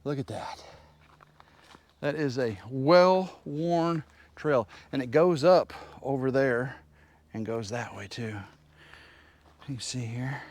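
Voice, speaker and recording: A man's voice: medium pitch, takes it slowly, pauses often, no room sound. A man giving a rambling, folksy walking tour of his wooded homestead and teasing his rooster along the way. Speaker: homestead vlogger. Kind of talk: casual walk-and-talk tour.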